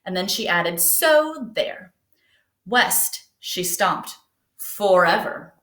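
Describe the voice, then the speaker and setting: Woman teacher reading a kids book out loud, asks the kids questions, echoey room. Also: fairly low pitch, steady tone, takes it slowly. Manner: gentle, asks children questions. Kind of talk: reading a picture book aloud to children. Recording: roomy echo.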